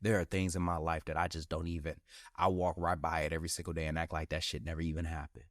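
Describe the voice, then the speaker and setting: A man's voice: extremely low pitch, flat delivery, fast talker, no echo, studio quality. A man hosting his own podcast, talking candidly and with feeling in a casual, slangy way and repeating phrases for emphasis. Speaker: podcast host. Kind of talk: casual motivational monologue.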